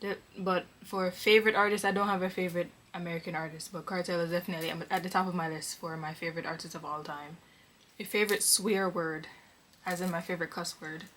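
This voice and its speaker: A young woman from Connecticut, chatting casually as she answers viewer questions for her vlog, relaxed and filled with ums. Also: lowish voice, quick pace, a little hiss or hum. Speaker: vlogger. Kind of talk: casual Q&A chat.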